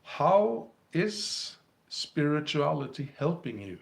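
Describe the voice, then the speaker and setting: A man's voice: on the high side, big pitch swings, takes it slowly, vocal fry. A man hosting a casual livestream, musing hesitantly and reading viewers' chat messages aloud. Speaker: livestream host. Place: indoors, Krakow.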